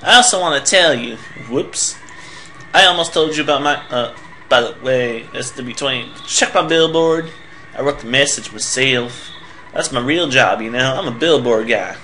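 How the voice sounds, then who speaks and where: A man's voice: mid-range voice, moderate pace, pushed and bright, a little hiss or hum, close to an everyday voice, poor audio. A man voicing a chatty male billboard painter from a video game, in a put-on Southern drawl. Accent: put-on American Southern.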